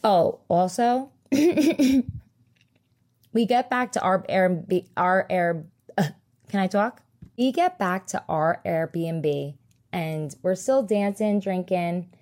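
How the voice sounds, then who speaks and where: Slow-talking chatty woman podcast host. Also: medium pitch. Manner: chatty, animated, swears freely. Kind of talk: casual solo podcast storytelling.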